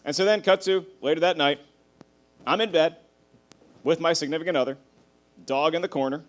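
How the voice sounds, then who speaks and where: Raised-pitch male stand-up comic. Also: brisk. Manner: animated storytelling, swearing, laughing at his own jokes. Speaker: stand-up comedian. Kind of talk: stand-up comedy set.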